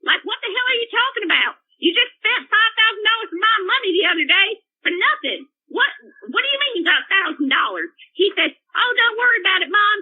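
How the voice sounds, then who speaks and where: A furious mother rants down the phone at the hosts, her voice high and swinging wildly. She is shrill and indignant, never letting anyone get a word in. The sound is squeezed and tinny, like a phone call. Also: very animated, fast talker. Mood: ranting indignant. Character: irate middle-aged mother calling into a show. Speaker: caller.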